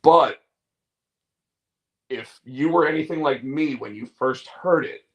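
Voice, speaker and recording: A man co-hosting a casual chat show, excitable, tripping over repeated words and slipping into wrestler impressions. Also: medium pitch, takes it slowly, muffled recording. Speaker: podcast co-host.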